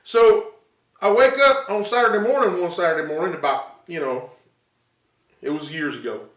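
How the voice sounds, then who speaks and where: A man's voice: high-pitched, normal speed. A man doing stand-up comedy from his living room, telling stories with sound effects and asides to the audience. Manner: animated storytelling, sound effects, talks to audience. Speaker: stand-up comic. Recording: roomy echo, mic at a distance.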